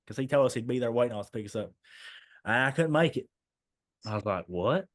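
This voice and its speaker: A man's voice: medium pitch, fast. A young man, a podcast guest telling a story and acting out the dialogue as he goes. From Eastern Kentucky, USA. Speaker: guest, former basketball player.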